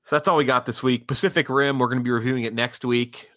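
A man's voice: medium pitch, fairly even intonation, fairly bright tone, dry recording. A man hosting a casual movie podcast, chatting and wrapping up the episode with plans for next week. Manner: quick, wraps up with show plans. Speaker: podcast host.

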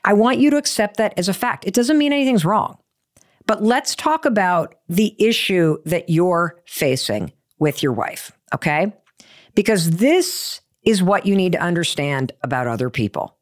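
Brief: female advice host, low-ish voice, animated and self-mocking, hammers her points home. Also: normal speed. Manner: emphatic, repeats key points; animated storyteller, self-deprecating. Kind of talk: motivational advice talk with personal story.

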